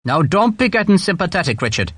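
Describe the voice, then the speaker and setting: A man's voice: fairly high pitch, expressive, a little fast, sharp tone, no room sound, voice pushed up. Man doing a dry, disapproving army major. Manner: dry, wry warnings.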